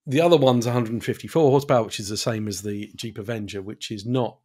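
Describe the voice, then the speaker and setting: A man co-hosting a podcast in casual chat, wry and hesitant, pausing often. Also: fairly low pitch, darkish tone, breathy edge. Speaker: podcast co-host.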